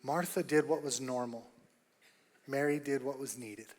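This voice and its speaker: A man preaching a sermon as pastor, emphatic and repetitive, rising to loud bursts on key points. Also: mid-range voice, measured pace, in a large hall. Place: church auditorium.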